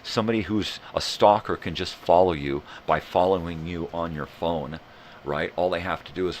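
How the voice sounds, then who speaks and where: A man hosting a live morning show, ranting in a rambling, profane, animated way. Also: low-pitched, moderate pace, slight background noise. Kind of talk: casual rant.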